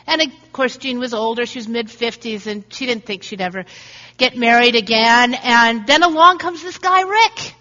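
High-voiced woman preaching a sermon. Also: normal speed, sharp tone. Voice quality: earnest storytelling, acts out quoted voices. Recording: dull recording in a reverberant hall.

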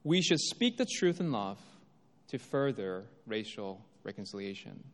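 Animated male preacher in a reverberant hall. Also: on the low side, unhurried. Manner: emphatic, rises and drops for effect. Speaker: pastor. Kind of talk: sermon.

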